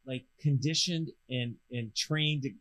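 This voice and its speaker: A man, a real estate host who talks loudly and projects in casual chat. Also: mid-range voice, a little slow, low-quality recording. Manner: loud, projecting, animated talker.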